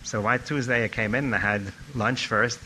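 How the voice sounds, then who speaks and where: An older man speaks at medium pitch and normal speed, giving a tribute talk as a former student and telling anecdotes about his old teacher. He tells stories in a reminiscing way and becomes animated when quoting others. The recording is low quality, with a little hiss or hum.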